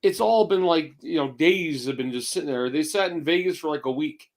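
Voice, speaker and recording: A man in his fifties with a slightly high voice, talking in a gruff, rambling way. He restarts his sentences and swears freely as he co-hosts a casual chat. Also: fairly quick. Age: 50s. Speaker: co-host.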